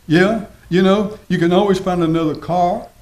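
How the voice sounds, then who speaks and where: A man preaching a sermon as pastor, folksy and repetitive, slowing down to stress his points. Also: sits high, fairly even intonation, darkish tone. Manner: folksy preaching, repeats phrases, slows for emphasis. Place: church sanctuary. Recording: roomy church echo.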